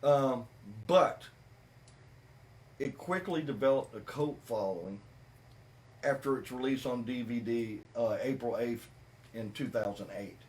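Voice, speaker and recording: A man hosting a podcast, chatting casually about a movie with animated, repetitive emphasis. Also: mid-range voice, a little slow, long pauses. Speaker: podcast host. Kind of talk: casual movie review chat.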